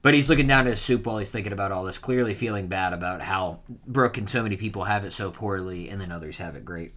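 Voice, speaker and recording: A man's voice: sits low, quick pace, fairly bright tone. A man giving casual reaction commentary on a manga chapter, rambling with many fillers.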